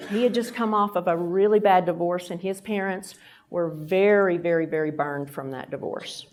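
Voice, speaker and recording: A woman's voice: on the low side, normal speed, a little mellow. A middle-aged woman from Texas with a Texan accent, giving a faith-based leadership talk at a lunch event and telling stories while acting out the voices. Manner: storytelling, acting out quoted voices. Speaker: guest speaker.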